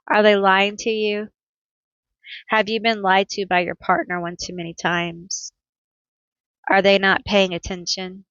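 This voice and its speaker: A woman's voice: mid-range voice, a bit bright, no echo, highs cut off. A woman reading tarot cards for her viewers, talking to them directly with empathy. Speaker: tarot reader. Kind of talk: pick-a-card tarot reading.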